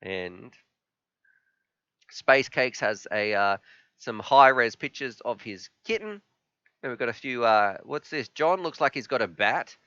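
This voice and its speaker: A man hosting a live stream, chatting casually and reading chat messages aloud, sometimes halting with emotion. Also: mid-range voice, expressive, pushed and bright, smooth, no echo. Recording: slightly dull, dry sound.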